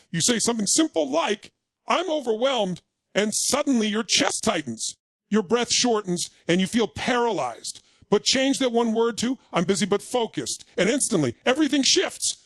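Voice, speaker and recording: High-voiced man giving an emphatic pep talk. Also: dry recording. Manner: emphatic, punchy short declarations. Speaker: motivational speaker. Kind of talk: motivational speech.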